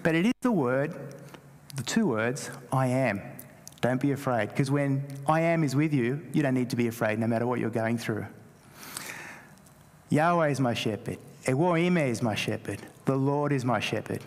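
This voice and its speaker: A man's voice: medium pitch, moderate pace, long reverb tail. A man whose first language is Greek, preaching a sermon as a pastor and lifting his voice on quoted scripture. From Greece. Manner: animated preaching, rising emphasis on quoted scripture.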